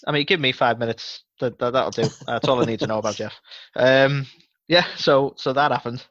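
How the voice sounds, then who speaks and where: A man's voice: mid-range voice, brisk, a bit bright, dry recording, dull audio. Sarcastic swearing podcast guy. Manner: swearing, rambling, sarcastic asides. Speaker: podcast co-host. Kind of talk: casual wrestling chat.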